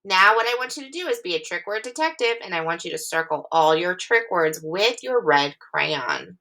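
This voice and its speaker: Young woman teacher doing a phonics video for little kids, bright voice, patient and encouraging, reads example lines slow and expressive. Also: fairly low pitch. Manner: clear, patient, encouraging, with sample sentences read slowly and expressively. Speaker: elementary school teacher. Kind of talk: recorded phonics lesson for young children.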